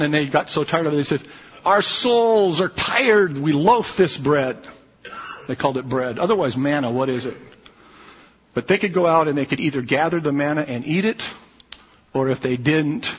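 A man preaching a sermon in a somewhat high, husky voice, stressing his points and checking in with his listeners. The sound is muffled, with a long reverb from a large church hall. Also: a bit bright. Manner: emphatic preaching with frequent "okay?" check-ins. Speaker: pastor.

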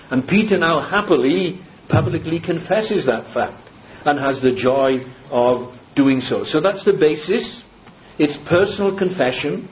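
Male preacher, expository sermon, slightly high voice, slow emphatic scripture reading, dull lo-fi recording. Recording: dull lo-fi recording with faint hiss.

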